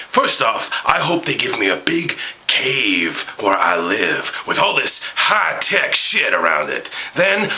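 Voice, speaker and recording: A man doing a brash, gravelly aging movie star. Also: mid-range voice, heavily acted, rough recording. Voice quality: gravelly, with sudden shouted outbursts and whispers. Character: brash raspy aging male movie star, crude and flirty. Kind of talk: comedic celebrity impression.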